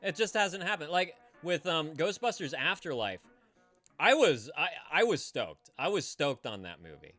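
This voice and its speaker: A man's voice: a little high, sing-song, moderate pace, sharp tone, no echo, faint music behind. A man hosting a casual live-stream call-in show, rambling and profane, stammering and restarting as he chats with viewers.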